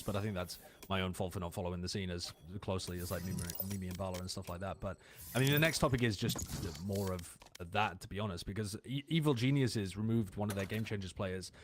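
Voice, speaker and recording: A man hosting a podcast, talking casually with many fillers and restarts, and swearing at times. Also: on the low side. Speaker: podcast host. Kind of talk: casual chat. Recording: clear game gunfire noise behind. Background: video game gunfire.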